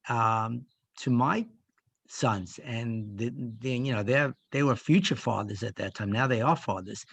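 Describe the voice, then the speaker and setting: An older man reflecting in a church group discussion, speaking in a halting, heartfelt way with many pauses. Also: mid-range voice, fairly bright tone, no echo. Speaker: discussion participant.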